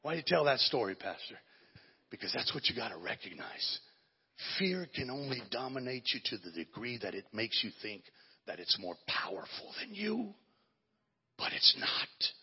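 A man preaching a sermon as pastor, moving from hushed storytelling to shouted preaching. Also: medium pitch, very animated, moderate pace, breathy edge. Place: church sanctuary. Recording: dull lo-fi audio with long hall reverb.

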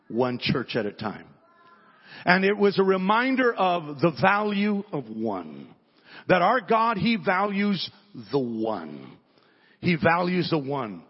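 A man's voice: on the high side, husky. A male pastor telling a story in his sermon, in a conversational way that often repeats words at the start of sentences. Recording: dull sound with long hall reverb.

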